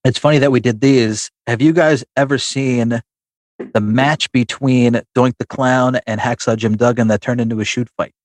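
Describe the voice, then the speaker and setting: A man's voice: medium pitch, fairly even intonation, moderate pace, no echo. A man co-hosting a casual podcast, telling a long story with many restarts and fillers. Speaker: podcast co-host. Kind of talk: casual chat about wrestling figures.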